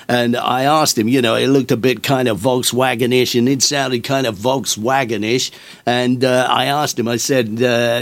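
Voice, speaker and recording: An older man presenting a radio music show in a loose, rambling way, wandering off into anecdotes and filling pauses with "uh." His voice sits at an ordinary middle pitch. It comes through close and dry, with no room sound around it. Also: dry recording. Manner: rambling, chatty, full of uh fillers and asides. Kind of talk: casual radio chat.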